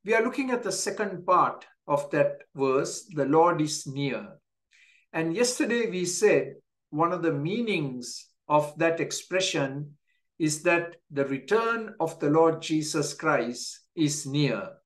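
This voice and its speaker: Slow, deliberate male pastor. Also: a little high, animated, fairly bright tone. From Canada. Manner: slow, deliberate, repeats key phrases for emphasis. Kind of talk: daily devotional sermon.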